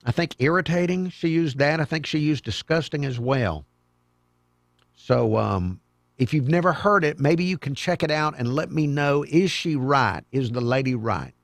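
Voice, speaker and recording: Animated, lively-voiced male radio host. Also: a little high, moderate pace, gravelly, no echo. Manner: chatty, folksy, animated. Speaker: radio talk show host. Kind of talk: call-in radio talk. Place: radio studio. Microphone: studio microphone.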